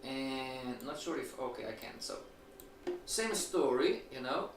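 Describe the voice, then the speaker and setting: A man teaching a live-streamed trading lecture, animated, asking rhetorical questions and acting out his students' replies. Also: mid-range voice, measured pace, vocal fry. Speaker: trading instructor. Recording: echoey room, distant mic, faint noise.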